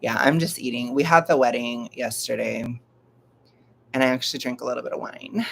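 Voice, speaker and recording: Gravelly young man chatting casually. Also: medium pitch, brisk, a little hiss or hum. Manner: rambling, self-mocking, laughs often. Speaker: vlogger. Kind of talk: casual live-stream chat. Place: at home.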